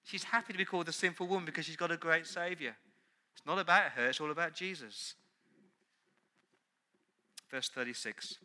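A man's voice: medium pitch, sharp tone. A man preaching a sermon as pastor, earnest and emphatic, repeating key words.

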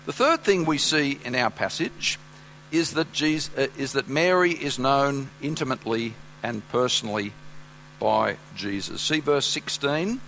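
A man's voice: medium pitch, gravelly, sharp tone, a little hiss or hum, rough recording. A man preaching a sermon, earnest and full of fillers and restarts. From Australia.

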